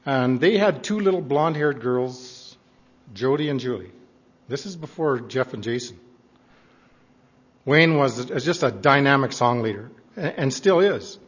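An older man with a husky voice tells fond, earnest stories to his congregation. His voice rings out with a long echo in a church hall. The recording sounds dull and lo-fi. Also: medium pitch, lively intonation, measured pace. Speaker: church member addressing congregation. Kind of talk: reminiscing speech to a congregation.

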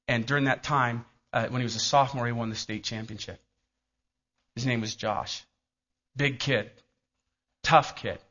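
Bright-voiced male pastor preaching. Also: mid-range voice. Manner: storytelling, asks the congregation questions. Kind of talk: sermon. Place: church. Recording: dull lo-fi recording.

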